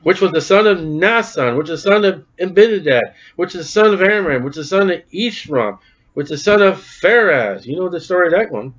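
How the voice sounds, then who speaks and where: A man's voice: sits high, lively intonation, fairly quick, fairly bright tone. A man preaching a sermon, reading scripture aloud and breaking off for wry, folksy joking asides. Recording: dull lo-fi recording.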